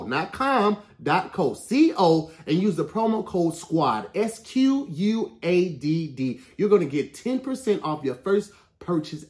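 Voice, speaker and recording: A man hosting a podcast, joking and animated as he reads a sponsor spot and leads casual chat. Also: a little high. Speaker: podcast host.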